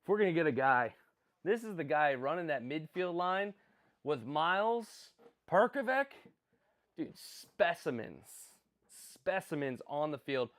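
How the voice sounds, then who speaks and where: Young guy live streaming a draft, rambles and corrects himself a lot, kinda high voice. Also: a little slow. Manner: excitable, rambling, self-correcting.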